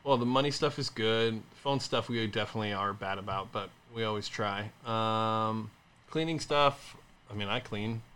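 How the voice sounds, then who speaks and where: A man's voice: on the low side, fairly bright tone, clean tone. A man co-hosting a podcast, teasing his partner in casual banter with a lot of fillers. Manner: teasing, playful, halting with fillers. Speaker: podcast co-host.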